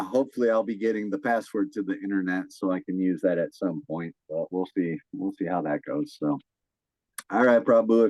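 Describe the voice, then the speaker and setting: A man's voice: low voice, darkish tone, no echo, low-quality recording. A young man hosting a casual podcast from home, upbeat and laughing often, sometimes stumbling over his words. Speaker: podcast host.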